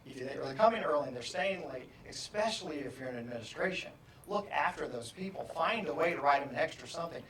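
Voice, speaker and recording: A man's voice: a little high, fast, distant mic, a little hiss or hum. Self-mocking man on stage in an echoey hall. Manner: animated, self-mocking humor. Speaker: motivational speaker. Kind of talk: keynote storytelling.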